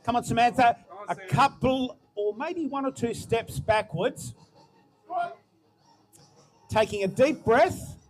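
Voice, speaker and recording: High-voiced meet announcer. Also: male voice, takes it slowly, pauses often. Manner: chatty, muses aloud, cheers lifts loudly. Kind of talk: live powerlifting commentary. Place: powerlifting competition venue.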